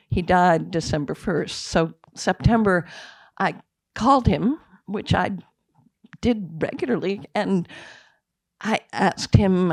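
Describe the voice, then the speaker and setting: An older woman speaks in a post-screening Q&A, recounting memories in a halting, emotional way. Her voice sits at a middle pitch, and the sound is dry and close. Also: darkish tone, no room sound. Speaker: film director. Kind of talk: Q&A after a screening.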